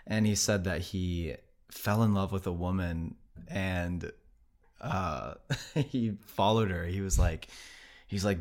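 An American podcast host tells a travel story in a casual, rambling manner full of fillers and restarts. His voice is low-pitched and darkish in tone, and he speaks at a slow pace.

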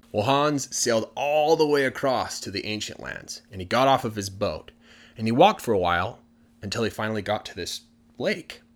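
A man telling a fairy tale in a casual, chatty way, dropping in fillers like "you know" and "like". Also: on the low side. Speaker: storyteller. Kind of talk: casual storytelling for English listening practice.

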